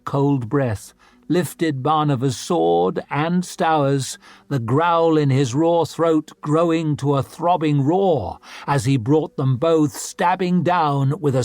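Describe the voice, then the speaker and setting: A male audiobook narrator who tells the story at an unhurried, deliberate pace. His delivery is measured and dramatic, with a mid-range voice. The recording is close and dry. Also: fairly high pitch, a little mellow, no room sound.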